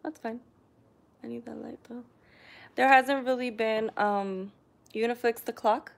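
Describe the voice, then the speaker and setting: A woman casually chatting on a live stream, reading viewer comments aloud and often clearing her throat. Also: a little high, fairly even intonation, a little slow. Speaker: vlogger hosting a live stream.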